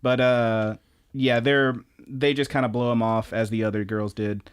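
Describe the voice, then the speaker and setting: A man's voice: medium pitch, level tone, normal speed, clear, resonant tone. A man co-hosting a podcast, recapping anime episodes in a rambling, profane casual chat full of fillers and restarts. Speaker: podcast co-host.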